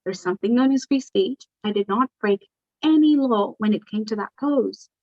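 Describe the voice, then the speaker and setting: A young adult woman telling her story as an interview guest, animated and acting out the dialogue. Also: mid-range voice, normal speed, dry recording. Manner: animated, acts out quoted dialogue. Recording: dull lo-fi dry recording.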